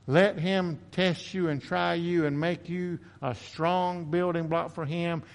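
A man's voice: on the high side, a little mellow. Man, pastor mid-sermon, earnest and confessional, stumbling into repeats for emphasis, reverberant sanctuary. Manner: earnest, self-confessing, repeats words when building emphasis. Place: church sanctuary.

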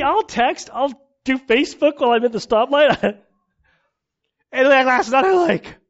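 A male pastor preaching in a casual, storytelling way, animated and self-mocking, often laughing. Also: very high voice. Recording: dull lo-fi recording.

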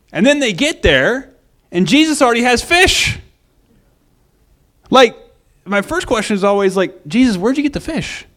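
A man preaching a conversational sermon in an animated way, acting out the quoted lines. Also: high-pitched.

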